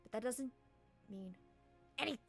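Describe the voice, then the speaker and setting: A man's voice: very high voice, unhurried, gravelly, faint music behind, exaggerated voice. A woman voicing a defensive male sorcerer who justifies himself.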